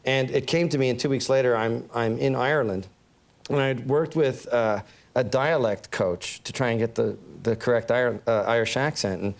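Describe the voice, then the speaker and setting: A man's voice: mid-range voice, normal speed, creaky. A man telling a long funny story as a talk show guest, laughing often and acting out the voices of other people. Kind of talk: animated anecdote telling.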